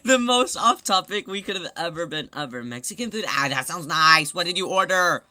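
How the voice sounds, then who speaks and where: A woman streamer in casual livestream chat, rambling through a story with many fillers and breaking into laughing shouts. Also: sits low, animated, normal speed, no room sound, soft background music. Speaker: live streamer.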